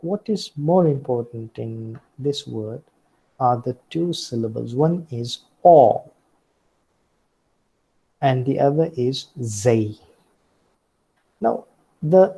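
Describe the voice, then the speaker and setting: A man with an Indian English accent teaches a recorded lecture in a slow, deliberate way, often pausing on fillers and correcting himself. His voice is dark and husky, with a gravelly fry at the edges. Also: mid-range voice, expressive, poor audio.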